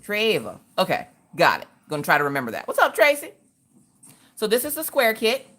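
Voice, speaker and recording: A woman's voice: mid-range voice, huge pitch swings, fairly quick, fairly bright tone. A woman hosting a casual crafting livestream, greeting her viewers by name as she works. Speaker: livestream host.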